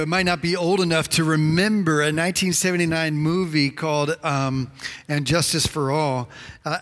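Bright-voiced man in his fifties preaching. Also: high-pitched. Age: 50s. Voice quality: animated, many restarts and fillers. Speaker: pastor. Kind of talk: sermon. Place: church sanctuary. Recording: church hall reverb.

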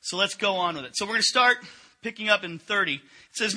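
A man's voice: sits high, lively intonation, fast talker, sharp tone. A middle-aged man preaching a sermon in a conversational way, often asking the congregation questions. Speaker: pastor.

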